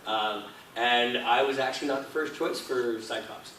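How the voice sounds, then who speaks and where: A man's voice: medium pitch, fairly even intonation, moderate pace, sharp tone, distant mic. Guy telling stories on a con panel, echoey hall, heard from the audience seats, noisy. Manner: chatty anecdotes with laughs. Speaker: voice actor panel guest. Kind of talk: convention panel storytelling. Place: convention hall. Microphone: filmed from audience seating.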